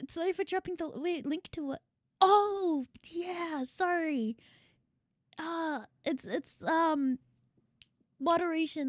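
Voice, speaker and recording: A young woman livestreaming, her voice sitting extremely high, bubbly and effusive as she thanks her viewers over and over with casual swearing mixed in. The sound is close and bone-dry, with no room around it. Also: no room sound. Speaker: VTuber streamer. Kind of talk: casual live-stream chat with viewers.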